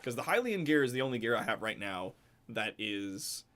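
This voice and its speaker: A man's voice: mid-range voice, sing-song, normal speed. A man streaming a video game, chatting casually with a co-streamer, swearing a lot and laughing often. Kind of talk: casual gaming stream chat. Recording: game music behind the voice.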